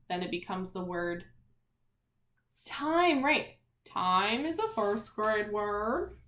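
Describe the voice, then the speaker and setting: A woman whose voice is a little high and fairly bright teaches a class of young children online, and the sound is reverberant. She spells out words and their letter sounds slowly and clearly, posing encouraging questions to the kids.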